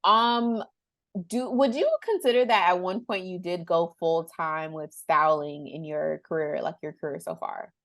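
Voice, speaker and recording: A young woman hosts a podcast in a casual interview chat, rambling and searching for words with lots of fillers. Her voice is fairly low and bright, her intonation fairly even, and she speaks a little slowly. There's no echo.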